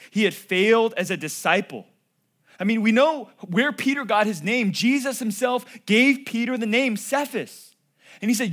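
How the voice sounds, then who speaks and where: A male pastor preaching with a fairly high voice. He builds to loud, emphatic peaks, then drops to a near hush. He speaks straight to his listeners. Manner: dynamic preaching, swings from loud emphatic to hushed. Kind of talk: sermon.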